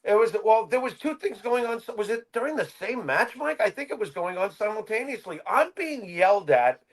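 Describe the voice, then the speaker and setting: A man co-hosting a podcast in casual chat, telling lively stories and acting out the people in them. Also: sits high, a little fast. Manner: animated storyteller, acts out quoted voices. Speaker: podcast co-host.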